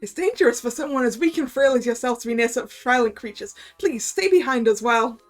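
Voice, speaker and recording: A woman's voice: a little high, expressive, brisk, faint music behind, close to an everyday voice. A woman voicing a polite, formal male ghost guard from a game. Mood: courteous.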